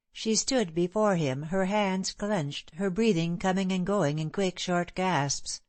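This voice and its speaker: A woman narrating a novel in a measured, steady audiobook reading. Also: on the low side, dry recording. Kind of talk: scripted narration.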